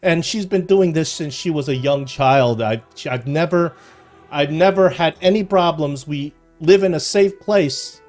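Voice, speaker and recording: A man voicing a grief-stricken old farmer who pleads and wails in a high, strained voice. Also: a little slow, a little mellow, faint music behind, close to an everyday voice. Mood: grieving. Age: older.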